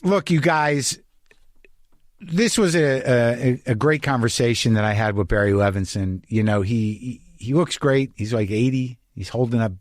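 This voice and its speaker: A man's voice: mid-range voice, moderate pace, dry recording, clean studio sound. A man hosting a podcast, talking candidly and reflectively, often restarting his sentences. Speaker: podcast host. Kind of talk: casual conversational monologue and interview.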